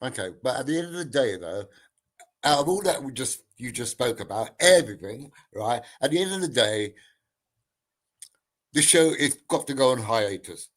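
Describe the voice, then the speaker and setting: Chill guy on a podcast pushing back, steady mid voice. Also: mid-range voice, normal speed. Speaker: podcast co-host. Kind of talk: casual podcast debate.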